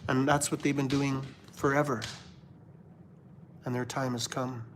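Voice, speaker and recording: A man from Canada hosting a livestream of religious commentary, preaching fervently and then dropping to a hushed murmur. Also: medium pitch, flat delivery, measured pace, slight background noise. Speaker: livestream host.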